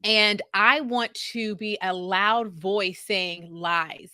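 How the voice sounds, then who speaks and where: A woman with a bright, forward voice talks as a podcast guest, earnest and emphatic, often repeating words to drive a point home. The sound is dry and close, with no room around it. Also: mid-range voice, steady tone, takes it slowly, no echo. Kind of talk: casual podcast conversation.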